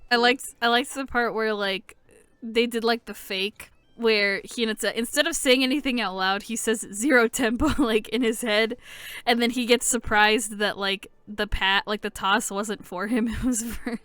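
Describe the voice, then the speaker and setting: Young woman, fairly high voice, smooth and clear, dry close mic, laughing anime chat. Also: normal speed, no room sound. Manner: laughing often, swearing, animated retelling. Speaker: anime review co-host. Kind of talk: casual chat.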